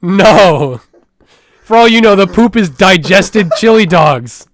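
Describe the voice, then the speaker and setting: A man's voice: sits high, slow, a little hiss or hum. Crude, swearing guy riffing on a podcast. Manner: crude, swearing, laughing, animated rants. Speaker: podcast co-host. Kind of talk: casual chat.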